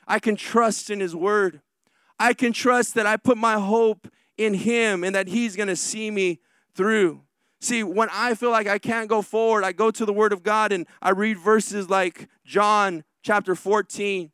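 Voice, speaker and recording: A man preaching a sermon as pastor, drawing out key lines slowly and rushing through asides. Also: sits high, steady tone, fairly bright tone, clean tone, dry recording, studio quality. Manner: preaching with slow, drawn-out emphatic lines and quick asides.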